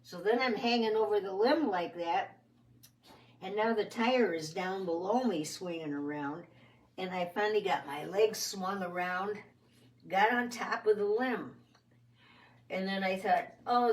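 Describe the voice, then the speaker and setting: Woman, storyteller, expressive folksy telling, roomy echo, unhurried. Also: mid-range voice, distant mic. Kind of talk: children's story narration. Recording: roomy sound from off the mic.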